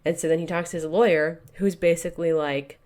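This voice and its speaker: Fairly low and darkish in tone, her voice stays fairly even in intonation while running a little fast. As a podcast co-host, she chattily retells a novel's plot in casual book-club fashion, leaning on "like" and "you know."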